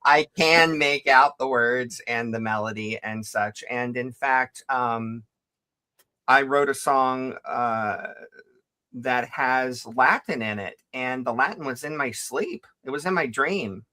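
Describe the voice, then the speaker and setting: Older southern guy from the ozarks hosting a chat show, bright tense voice, playful and chatty. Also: medium pitch, slow. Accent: Southern American (Ozarks). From Ozarks, USA. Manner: playful, chatty, laughs easily. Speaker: host. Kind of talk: casual chat.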